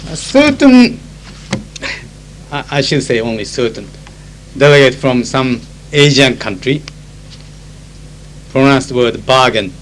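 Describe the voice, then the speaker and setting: A man's voice: medium pitch, lively intonation, takes it slowly, pauses often, poor audio. A man with a Japanese accent, a conference interpreter, chatting through anecdotes with many fillers. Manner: switches into Japanese to explain phrases. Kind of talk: recorded spoken diary. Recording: old tape with faint hum.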